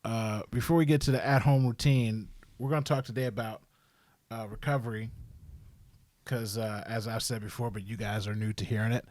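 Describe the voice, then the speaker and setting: A man hosting a casual chat, telling stories in an animated, slangy way. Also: on the low side, brisk. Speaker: podcast host, wrestling parent.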